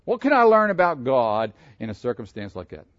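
A man preaching an interactive sermon, asking his congregation questions in an animated way. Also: mid-range voice, brisk, dry recording, dull audio. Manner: animated, asks the room questions. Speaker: pastor.

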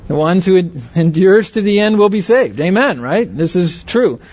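A man's voice: high-pitched, animated, moderate pace, a little mellow, muffled recording. A man giving a Bible lesson to a group, stressing key words and often checking whether his listeners agree. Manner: asks the audience questions, stresses words. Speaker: Bible teacher. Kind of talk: teaching sermon.

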